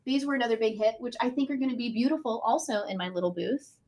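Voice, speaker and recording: A woman in her thirties, a podcast guest on a video call, chatting in an excited, bubbly way as she tells stories. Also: fairly high pitch, fast talker, crowd noise. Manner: bubbly, excited storytelling with frequent laughs. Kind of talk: casual chat.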